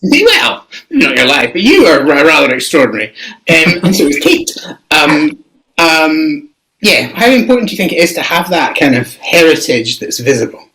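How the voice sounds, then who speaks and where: Interviewer, mid pitch, halting and filler-heavy. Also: big pitch swings, sharp tone, poor audio. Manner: hesitant, many fillers. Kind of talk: casual interview.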